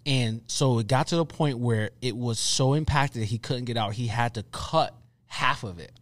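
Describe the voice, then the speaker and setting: Young man, podcast co-host, animated storyteller, repeats lines for emphasis, dry close sound. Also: mid-range voice, moderate pace, no echo. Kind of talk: casual chat.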